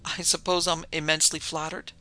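A man's voice: a little high, level tone, brisk, pushed and bright, clear, resonant tone. A man reading the part of a desperate young research doctor, cornered and speaking in a tense, defiant way.

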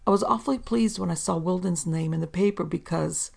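A woman voicing an eager, polite young English gentleman in a storybook reading, slightly raised and brisk. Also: lowish voice, gravelly, slightly rough, heavily acted.

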